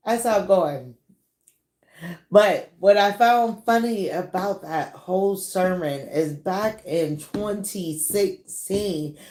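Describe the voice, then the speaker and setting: A woman with a lilt talks through celebrity gossip in a loose, animated way, laughing often. She stretches out her words at an unhurried pace. Her voice rings in a noticeably echoey room. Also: lowish voice. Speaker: celebrity gossip channel host. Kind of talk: casual commentary.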